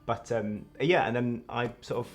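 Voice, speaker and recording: A man's voice: mid-range voice, normal speed, soft background music. A man, chatting casually as a guest about his work as a wedding magician and acting out people's reactions as he talks. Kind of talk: casual chat.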